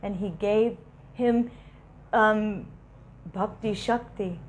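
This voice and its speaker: A woman giving a devotional talk, telling lively stories and laughing between them. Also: medium pitch, very slow, a little hiss or hum. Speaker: devotional speaker.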